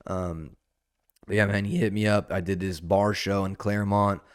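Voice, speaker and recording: A man's voice: lowish voice, steady tone, normal speed, smooth, no echo, clean studio sound. A young adult man hosting a solo podcast, rambling casually and swearing, saying "dude" constantly. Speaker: podcast host. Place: indoor podcast setup under lights.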